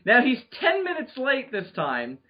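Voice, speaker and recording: Animated joking man on a podcast call. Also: extremely high pitch. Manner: lively, joking, quick to laugh. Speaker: podcast co-host. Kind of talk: casual chat over a call. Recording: muffled lo-fi call audio.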